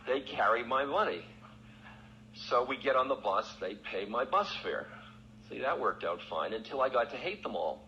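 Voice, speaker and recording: A man's voice: mid-range voice, animated, normal speed, sharp tone. Man telling a story on a dull lo-fi recording. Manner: candid, self-mocking, laughs often. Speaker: spiritual teacher. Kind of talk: storytelling talk. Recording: dull, lo-fi archival recording with faint hiss.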